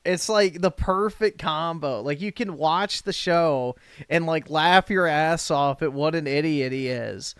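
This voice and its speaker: A man's voice: on the high side, unhurried, smooth, dry recording, studio quality. A man hosting a livestream, giving loose, profane reaction commentary and laughing between remarks. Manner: laughing, profane, animated asides. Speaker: livestream host reacting to a clip.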